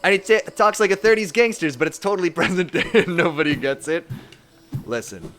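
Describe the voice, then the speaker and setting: A man's voice: high-pitched, animated, fast talker, fairly bright tone, faint music behind. A young man from Southern California chatting casually and joking while he streams a game, laughing often. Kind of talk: casual live-stream chat while gaming.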